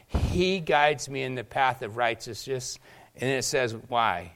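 A man delivers a morning sermon in an everyday middle-range voice. He keeps asking his congregation questions and waits for them to answer. When he reads scripture he slows down and lets each line land. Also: medium pitch, animated, creaky, fairly bright tone. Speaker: pastor.

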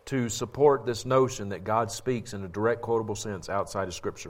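A man Bible teacher giving a critical, sermon-style commentary, forceful and insistent and repeating his points for emphasis. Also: mid-range voice, fairly quick, hardly any pauses.

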